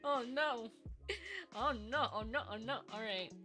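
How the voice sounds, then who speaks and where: A woman's voice: on the high side, takes it slowly, long pauses, sharp tone, faint music behind. A woman streaming live as a VTuber while modeling in 3D, chatting playfully with giggles and mock-villain theatrics. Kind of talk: casual live stream chat.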